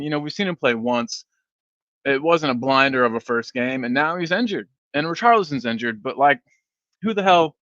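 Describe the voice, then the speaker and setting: On a fan channel live stream, a drowsy male host rambles along and reads out comments from viewers. His voice sits a little high, bright and forceful in tone. The recording is dry, with dull stream-quality audio.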